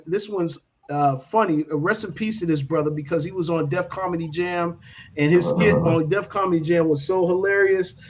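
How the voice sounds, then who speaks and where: A man hosting a casual morning talk show, laid-back and repeating his catchphrases. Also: sits high. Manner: laid-back, repeats "you know what I'm saying". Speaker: radio talk show host. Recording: dull lo-fi stream audio.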